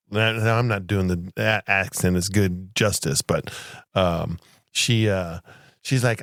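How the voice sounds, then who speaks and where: A man co-hosting a chatty podcast, his voice sitting a little low as he spins a loose story. He circles back, restarts and stacks fillers as he goes. The sound is close and dry, with no room around it. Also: sing-song, slow, dry recording. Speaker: podcast co-host, flight attendant. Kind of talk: casual chat.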